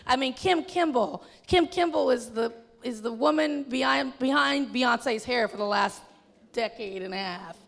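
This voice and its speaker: A woman speaks as a festival guest, telling stories in an animated, chatty way with plenty of "you know"s. Her voice sits on the higher side and has a gravelly fry in it. The sound is washed in long hall reverb from the venue. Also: unhurried. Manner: animated, chatty storytelling with many fillers. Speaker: filmmaker guest. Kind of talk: onstage festival conversation. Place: film festival venue with an audience.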